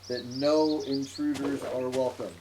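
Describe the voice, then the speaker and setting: A man's voice: mid-range voice, flat delivery, unhurried. Man humming through chatty gameplay commentary. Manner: chatty, hums tunelessly to himself while working. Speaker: streamer playing a modded block game in VR. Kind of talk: casual let's-play commentary. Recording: roomy, distant mic with clear noise.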